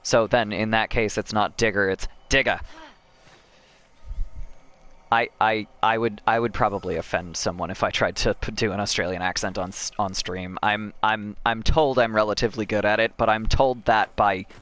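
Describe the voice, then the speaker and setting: Lowish-voiced frustrated American gamer. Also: male voice, steady tone, fairly quick, hardly any pauses, fairly bright tone. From United States. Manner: frustrated, swearing, chatting with viewers. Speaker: streamer. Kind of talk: casual gameplay commentary.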